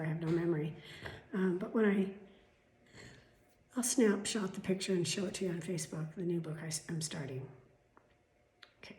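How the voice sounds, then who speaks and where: A frustrated woman vents to her viewers in a casual vlog, swearing and jumping from loud outbursts to hushed asides. Her voice sits a little low and sounds slightly chesty. The room is echoey, with a faint hum of ambience behind her. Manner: swearing, venting, swings between loud outbursts and whispered asides. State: coughing, chesty. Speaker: vlogger.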